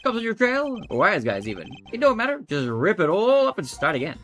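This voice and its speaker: A man's voice: sits high, wildly swooping pitch, fairly quick, a bit bright, soft background music, full character voice. A man reading a pushy, street-smart cab driver with brash, salesy patter.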